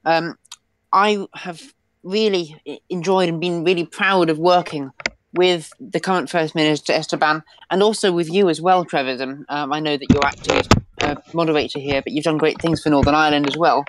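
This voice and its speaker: A woman answering as a panelist in a political debate, pausing often with many ums. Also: low voice, steady tone, a little hiss or hum, poor audio.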